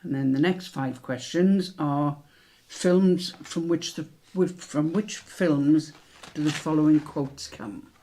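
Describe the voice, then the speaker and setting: A man with a British accent hosting a quiz, reading each question slowly and repeating it, with chatty asides in between. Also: a little high, dark tone. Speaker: quiz host.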